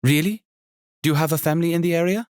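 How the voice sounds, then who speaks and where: A man voicing a chatty woman in her sixties who runs a bed and breakfast, with a faint Jamaican accent and rapid-fire energy. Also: on the high side, a little mellow, smooth, no room sound, studio quality, voice pushed up, natural voice. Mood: bubbly. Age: 60s.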